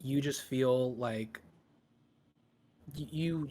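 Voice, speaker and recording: A man narrating a tabletop game as game master, halting with lots of ums and restarts. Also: medium pitch. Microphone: podcast microphone.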